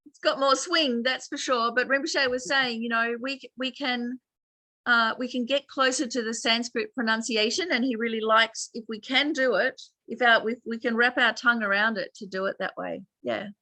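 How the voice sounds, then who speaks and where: A woman's voice: a little high, steady tone, normal speed, bright, forceful tone, dry recording. An Australian woman teaching a chatty online meditation class, laughing often as she explains.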